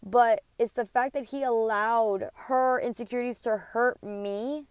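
A woman's voice: fairly high pitch, fairly even intonation, measured pace, clean tone, dry recording. A woman hosting a podcast, telling a heated personal story with lots of swearing and quoted dialogue. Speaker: podcast host. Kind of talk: casual storytelling monologue.

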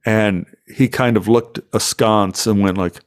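A middle-aged American man, an actor guest on a podcast, spins stories in an interview and slips into silly voices whenever he quotes someone. His voice sits fairly low and moves a little slowly, and he tells things in an animated, acted-out way.

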